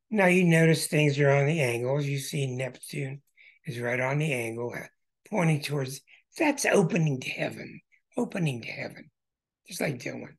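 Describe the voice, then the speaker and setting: A man hosting an astrology show who walks through birth charts in an emphatic way, with bursts of excitement. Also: mid-range voice, normal speed, creaky.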